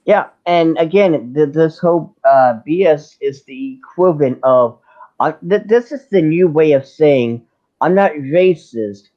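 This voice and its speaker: A man hosting a casual livestream, ranting with heat and sarcasm and stumbling over restarts as he pushes his point. His voice sits a little higher than most men's. The stream audio is dull and muffled. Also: lively intonation, a little slow. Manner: heated, sarcastic, with many restarts. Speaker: livestream host.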